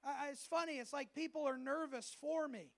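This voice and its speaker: A male pastor preaching a sermon at a church service, lively and humorous, often acting out the voices of people he quotes. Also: extremely high pitch, fairly quick, gravelly.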